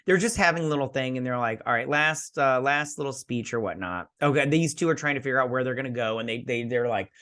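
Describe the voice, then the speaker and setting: Guy rambling through an episode recap, sarcastic, swears a lot, mid-pitched voice. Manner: animated, acts out characters in quick asides. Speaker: host. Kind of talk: casual episode recap and review.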